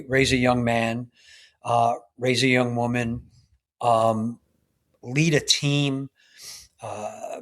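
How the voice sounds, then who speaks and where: A man's voice: mid-range voice, fairly bright tone. A man, a guest on a podcast interview, speaking earnestly and emphatically as a men's coach, often checking in with "right?".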